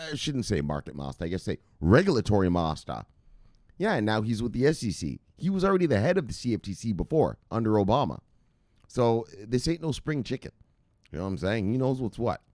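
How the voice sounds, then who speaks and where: A man's voice: mid-range voice, very animated, a little fast, a little mellow, dry recording, studio quality. A man hosting casual crypto news commentary, reading headlines aloud and rambling off into laughing, profane asides.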